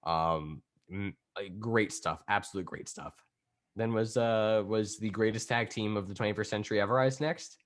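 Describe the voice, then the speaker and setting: A young man co-hosting a casual wrestling podcast, rambling excitedly and laughing often. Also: lowish voice, normal speed. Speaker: podcast co-host.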